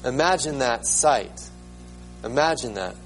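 A man's voice: mid-range voice, animated, a little slow, faint music behind, poor audio. A man preaching a sermon as pastor, emphatic, repeating words and rising sharply when he proclaims them.

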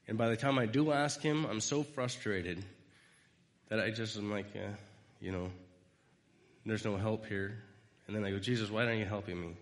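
A man from the United States gives an informal devotional sermon in a fairly low voice at a moderate pace, pausing often. He rambles through personal stories and acts out quoted lines, and a long reverb tail follows his words.

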